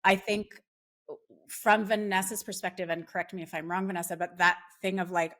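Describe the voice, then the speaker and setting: A woman's voice: on the low side, fairly even intonation, moderate pace, fairly bright tone. A woman speaking as a podcast guest, talking earnestly with frequent fillers and restarts. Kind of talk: casual conversation.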